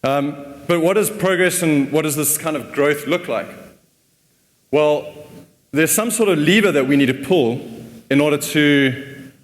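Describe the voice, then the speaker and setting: A man's voice: fairly high pitch, a little slow. A man giving a casual conference talk, often repeating words as he thinks. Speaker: conference speaker. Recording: long hall reverb.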